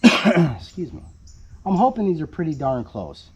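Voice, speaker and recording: A man's voice: on the high side, wildly swooping pitch, unhurried, breathy edge. Playful man explaining a roof job. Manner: playful, joking, calls viewer "baby cakes". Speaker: homesteader building his house. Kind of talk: casual how-to explanation.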